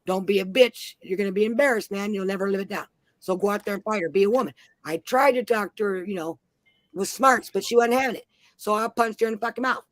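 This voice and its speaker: A woman's voice: mid-range voice, fast, no room sound. A woman in her forties telling brash, profane stories in a casual chat. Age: 40s. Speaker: panel host.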